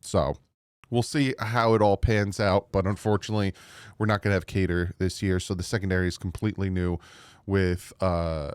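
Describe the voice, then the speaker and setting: A man with a New Jersey accent talks through team news in a loose, rambling way, restarting his sentences as he goes. His voice sits very low and comes across smooth and clean. The recording is dry and close, with no room sound. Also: flat delivery, moderate pace, dry recording. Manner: rambling, restarts, mild frustration. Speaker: sports channel host. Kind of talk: casual commentary to viewers.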